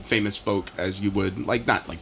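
A man in casual podcast chat, rambling with lots of fillers and swearing, getting excited about a fandom. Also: on the low side, normal speed, creaky, a little hiss or hum. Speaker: podcast co-host.

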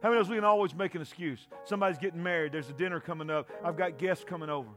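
Pastor, male, bright high voice, shouting call-and-response sermon. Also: very fast, soft background music.

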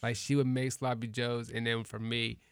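Animated man telling family stories. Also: medium pitch, normal speed, clean tone, dry recording, clean studio sound. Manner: animated storyteller, acts out family members in raised voices. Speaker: podcast co-host telling stories. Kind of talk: casual chat.

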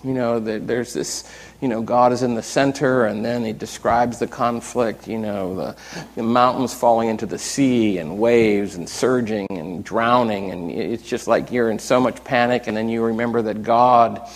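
An older man preaching a sermon as a pastor, in a relaxed, conversational way with many asides. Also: mid-range voice, moderate pace. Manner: conversational, animated storytelling with acted quotes.

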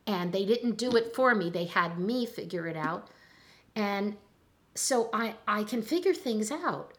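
An older woman, a chiropractor, talking in a relaxed interview and telling stories with lively acted-out voices. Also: mid-range voice, unhurried. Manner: animated storyteller, acts out voices in anecdotes. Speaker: chiropractor guest. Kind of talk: conversational interview.

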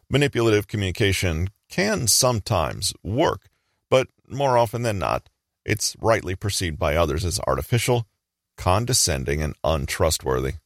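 A man giving a measured, explanatory scripted narration. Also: sits low, no room sound, clean studio sound.

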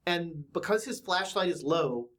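A man's voice: sits high, expressive, a bit bright. A man running a tabletop horror game as game master, narrating with many ums and restarts. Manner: halting, filler-heavy narration.

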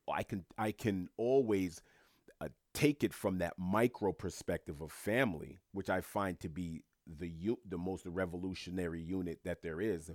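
Low-voiced man hosting a talk podcast. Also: no echo, studio quality. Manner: earnest, repeats words when restarting. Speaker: podcast host. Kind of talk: casual monologue.

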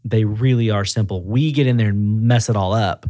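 Interviewed casually on a podcast, a man who oversees auto repair shops as a regional director speaks at a moderate pace in a fairly low voice. He animatedly acts out the conversations in his anecdotes. The recording is studio quality, free of room sound.

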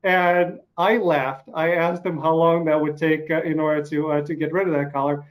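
A man in his forties from eastern Ukraine, with a slight Russian accent, hosting an interview and telling stories in an unhurried way with many pauses. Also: fairly high pitch, little pitch movement, low-quality recording. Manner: unhurried storytelling with frequent pauses and fillers. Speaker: podcast host. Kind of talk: casual interview chat.

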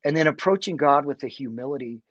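A middle-aged man speaking earnestly as a guest, often halting and restarting his sentences. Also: medium pitch, no room sound, highs cut off. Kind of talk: faith conversation.

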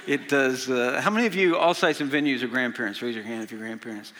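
A man's voice: mid-range voice, fast, a bit bright. A man in his sixties, a senior pastor, preaching a sermon in a folksy storytelling way with frequent filler sounds. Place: large church hall. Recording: long reverb of a large hall.

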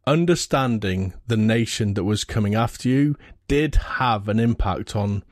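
Measured man explaining in a dry recording. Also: lowish voice, no room sound. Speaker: panelist with a military background. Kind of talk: casual panel discussion.

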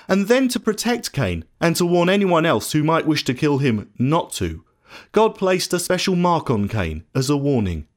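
Earnest, expressive male storyteller. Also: fairly high pitch, moderate pace. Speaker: narrator. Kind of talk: scripted storybook narration.

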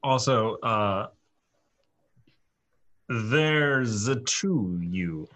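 Hesitant man hosting a stream, lively pitch. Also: a little hiss or hum. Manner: hesitant, drawn-out. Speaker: stream host. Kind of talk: casual stream chat.

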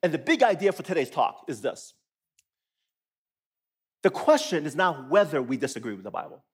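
A man preaching a sermon as a pastor in a church, animated and playful, acting out his listeners' reactions. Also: fairly high pitch, moderate pace, husky. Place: church auditorium.

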